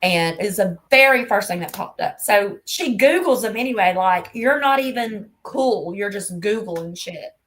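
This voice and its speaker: A woman's voice: medium pitch, lively intonation, a little slow, hardly any pauses, fairly bright tone, poor audio. A woman in her fifties hosting a casual livestream chat, talking bluntly and scolding emphatically. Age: 50s. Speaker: livestream host.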